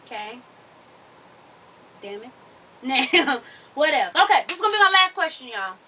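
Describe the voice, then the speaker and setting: Brash, high-voiced woman vlogger. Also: big pitch swings, moderate pace, sharp tone, distant mic, poor audio. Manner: brash, profane, tough-love ranting; addresses viewers as "baby" and "y'all". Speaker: advice show host. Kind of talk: casual advice vlog.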